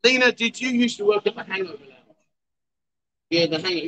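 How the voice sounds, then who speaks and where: A man's voice: high voice, brisk, a crowd in the background, rough recording. A man hosting a casual livestream chat show at a bar, teasing and coaxing his guests. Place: outdoor bar.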